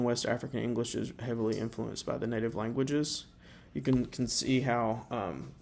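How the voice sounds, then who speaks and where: Halting man presenting slides, flat voice. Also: mid-range voice. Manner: halting, many uh and um fillers; slows down to sound out example words.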